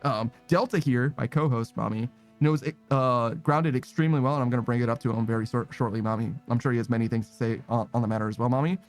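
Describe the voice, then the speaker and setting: A male streamer chatting casually on a live stream, rambling through shout-outs and often laughing and swearing. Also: medium pitch, fast talker, hardly any pauses, soft background music. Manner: keeps tacking a running joke word onto sentences, laughs and swears often.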